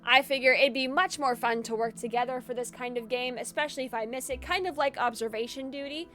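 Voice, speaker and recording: A woman's voice: high voice, fairly quick, bright, forceful tone, faint music behind. A woman streamer giving chatty, casual gaming commentary, giggling often and swearing casually.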